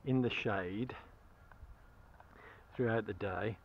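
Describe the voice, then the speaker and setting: A man's voice: fairly low pitch, slow pace, vocal fry, muffled recording, a little hiss or hum. A man chatting cheerfully to the camera as he metal-detects outdoors, chuckling and enthusiastic about each find. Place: outdoors in a field.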